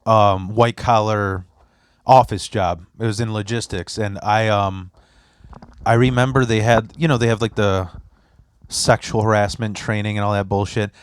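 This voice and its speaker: A man's voice: lowish voice, steady tone, normal speed, clear, resonant tone, no room sound. A young adult man hosting a podcast, chatting casually and telling loose, profane stories. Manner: loose, rambling, profane storytelling with put-on voices. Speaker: podcast host.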